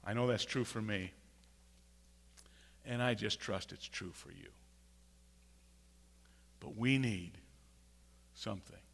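A male preacher delivers a sermon slowly and deliberately, hammering home repeated phrases and rising from hushed to loud. His voice is bright and clear, and it rings out with a long reverb in a large church space. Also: fairly low pitch. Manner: emphatic, repeats key phrases, swings from quiet to loud.

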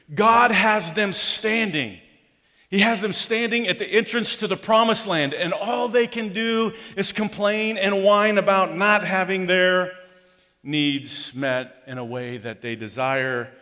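A man with a high voice preaches a sermon in a relaxed, conversational way. He slips into mock grumbling voices to act out complaints. His voice rings on in a long church-hall reverb. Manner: conversational, acts out the complaints of the crowd. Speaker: pastor.

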